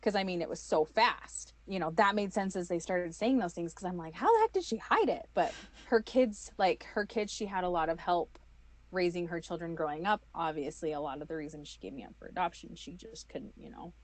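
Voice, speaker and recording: A woman, telling her own story as an interview guest, animated and full of fillers. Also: fairly low pitch, fairly quick. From United States. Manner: animated, acts out quoted voices, many fillers.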